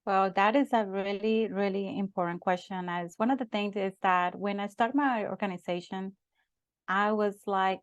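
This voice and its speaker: A woman's voice: mid-range voice, fairly even intonation, moderate pace, no room sound, muffled recording. Cheerful Colombian-accented woman coach. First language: Spanish. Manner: cheerful, earnest, laughs often. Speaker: leadership coach, podcast guest. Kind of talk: interview conversation.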